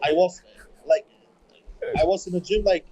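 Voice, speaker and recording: A man in his twenties with a German accent, a bodybuilder speaking English as a second language in a casual interview, halting and repeating words as he searches for them. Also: high voice, steady tone, darkish tone, slightly rough. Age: 20s. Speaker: bodybuilder guest. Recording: dull lo-fi remote audio.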